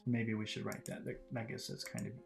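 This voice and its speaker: A man teaching English, reading a novel aloud and explaining vocabulary in a relaxed way, with many fillers and restarts. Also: on the low side, brisk, creaky, over music.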